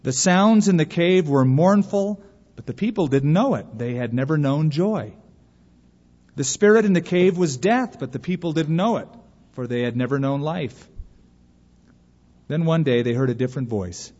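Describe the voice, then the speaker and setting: A man's voice: fairly high pitch, expressive, moderate pace, darkish tone. Earnest preacher man in a hall. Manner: earnest, pleading and emphatic. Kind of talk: sermon and story reading. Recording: dull recording with long hall reverb.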